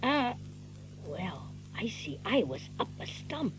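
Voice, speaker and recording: A woman's voice: medium pitch, sing-song, slow, fairly bright tone, soft background music, low-quality recording. A woman voicing a scrappy teenage country boy with a rural Southern US dialect, narrating and acting in a radio play. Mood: evasive. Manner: folksy, drawling storyteller.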